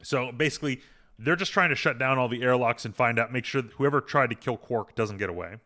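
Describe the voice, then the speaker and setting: Man, podcast host, loose recap talk, filler hums, bright clear tone. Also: mid-range voice, quick pace. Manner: rambling, retells scenes with filler hums. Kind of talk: casual episode recap chat.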